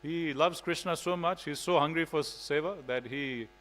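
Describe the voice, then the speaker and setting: A man's voice: fairly high pitch, moderate pace, fairly bright tone, poor audio. A man giving a devotional scripture class in a temple, telling stories in a casual way with frequent "you know". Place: temple hall.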